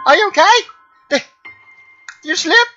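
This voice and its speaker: A woman voicing an eager young schoolgirl heroine from a visual novel in a squeaky, raised voice, reading her lines aloud while playing. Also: expressive, moderate pace, pushed and bright, dull audio, soft background music, exaggerated voice. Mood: concerned.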